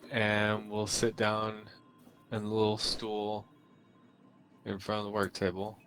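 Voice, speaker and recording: A man playing in a tabletop role-playing game, slowly and deliberately describing what his character does. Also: fairly low pitch, soft background music. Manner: slow, deliberate, flat delivery. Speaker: player. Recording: faint background noise.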